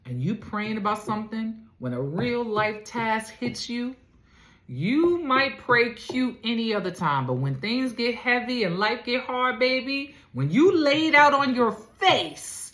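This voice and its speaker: A woman's voice: a little high, expressive, slow pace, fairly bright tone. A woman life coach giving emphatic, preacherly faith-based teaching, talking straight to the listeners, in an echoey room.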